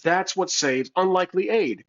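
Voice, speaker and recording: Casual solo role-play narrator, a man thinking out loud, dull lo-fi recording. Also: sits high, expressive, moderate pace. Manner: thinking aloud, hesitant, many restarts. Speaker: solo tabletop game player and narrator. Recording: slightly dull lo-fi sound.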